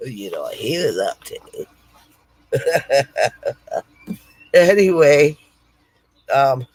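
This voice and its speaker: Very slow and sing-song, her rumbling low, darkish voice carries a casual live stream where she chats with viewers, reads their comments out and laughs at her own jokes. The setting is a home setup near a lake, and the recording is rough.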